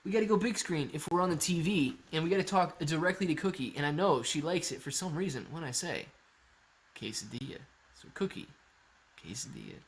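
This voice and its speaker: Man, young adult, from Ohio, livestream host, casual chat, upbeat, jokey, slightly high voice. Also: quick pace, hardly any pauses, slight background noise. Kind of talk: casual live chat reading comments.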